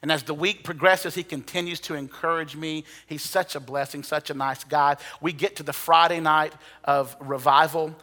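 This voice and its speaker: A man preaching a sermon, telling a personal story dramatically, sometimes dropping to a hush and sometimes rising to excited bursts. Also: on the high side, moderate pace, hardly any pauses. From United States. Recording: long hall reverb.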